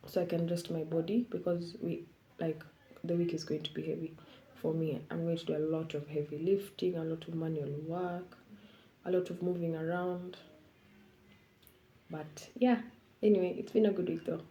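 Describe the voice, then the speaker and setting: A young woman talking casually to her vlog viewers in a relaxed, rambling way about a tiring week. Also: fairly low pitch, normal speed, a little hiss or hum, low-quality recording. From Kenya. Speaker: vlogger. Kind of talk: casual vlog talk to camera.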